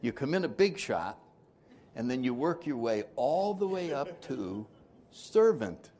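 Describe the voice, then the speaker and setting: A man's voice: mid-range voice, very animated, a little slow, mellow. An older man giving an informal recovery workshop talk, joking and asking the audience questions.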